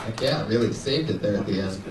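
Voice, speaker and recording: A man hosting a live comedy show, teasing the comics and quick to laugh. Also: lowish voice, distant mic, very noisy. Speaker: host. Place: comedy club stage. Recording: roomy live club audio with crowd.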